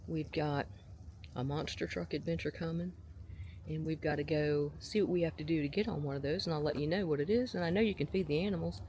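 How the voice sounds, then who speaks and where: A woman, chatting casually as she films her visit to a farm, often breaking into a high, gushing voice at the animals. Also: a little mellow, a little hiss or hum. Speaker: vlogger. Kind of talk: casual outdoor vlog narration. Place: outdoor farm attraction. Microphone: handheld camera mic.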